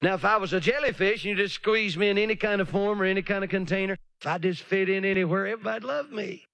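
A man's voice: high-pitched, fairly bright tone, no echo. A man preaching a revival sermon, emphatic and calling for amens. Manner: emphatic, drawn-out pauses, calls for amens.

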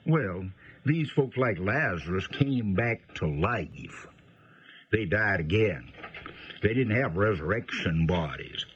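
A man teaching the Bible on the radio in a folksy, unhurried way, explaining with frequent pauses. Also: fairly low pitch, expressive, husky. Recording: dull lo-fi radio broadcast.

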